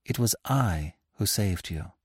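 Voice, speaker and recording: A man voicing a young woman rescuer, quiet and commanding. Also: lowish voice, animated, takes it slowly, breathy edge, no room sound, clean studio sound, full character voice. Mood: urgent.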